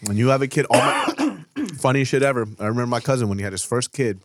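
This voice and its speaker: A laid-back man joking around on a food podcast. His voice sits at a middle pitch but is very animated, and he shoots way up when he imitates people. The sound is dry and close to the mic. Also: fast talker, no echo. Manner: laid-back joker, swears, does exaggerated high voices for quotes. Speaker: podcast co-host. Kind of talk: casual food podcast chat.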